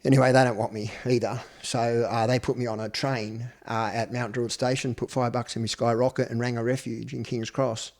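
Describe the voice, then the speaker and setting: A man's voice: medium pitch, flat delivery, a little fast, hardly any pauses, darkish tone. An Australian man in his fifties, a guest telling his life story with blunt, profane candor. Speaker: interview guest. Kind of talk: candid personal storytelling.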